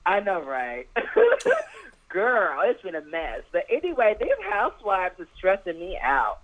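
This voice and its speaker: A woman's voice: lowish voice, huge pitch swings, unhurried. A woman calling in to a show, ranting sassily about reality TV gossip and calling the host girl and honey. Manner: sassy, keeps saying girl and honey. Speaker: caller. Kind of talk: gossipy call-in rant. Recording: tinny phone line.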